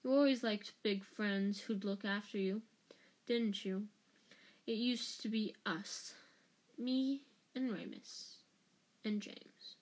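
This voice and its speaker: A woman's voice: medium pitch, takes it slowly. A woman voicing a bitter, menacing escaped male prisoner who growls and hisses his words venomously.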